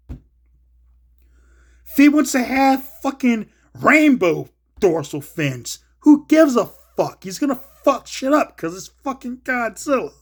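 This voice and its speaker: A man hosting his own program rants about movies in a casual way, with plenty of swearing. His voice moves from low mutters to loud, excited outbursts.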